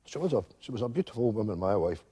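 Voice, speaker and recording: An old Scottish widower, a meandering storyteller who piles up fillers and asides. His voice sits low, dark and husky, but his pitch swings animatedly. It rings out on a theatre stage with a long reverb. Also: big pitch swings, fast talker. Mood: rambling fond. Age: older. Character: elderly widowed male pensioner, rambling storyteller. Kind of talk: live stage sitcom acting.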